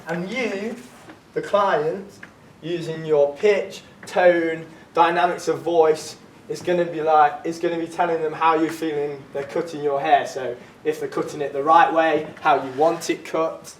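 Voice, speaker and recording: A man's voice: fairly high pitch, steady tone, measured pace. Upbeat male drama teacher in an echoey studio. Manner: upbeat, encouraging instructions. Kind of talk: leading a drama workshop. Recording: echoey room, distant mic, faint noise.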